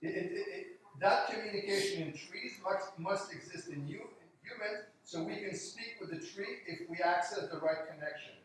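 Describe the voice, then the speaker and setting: A man's voice: sits high, normal speed, hardly any pauses, a little hiss or hum. A man in casual conversation, talking in an emphatic, skeptical way and acting out what other people say. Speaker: conversation partner. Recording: very echoey room, voice from far off the mic.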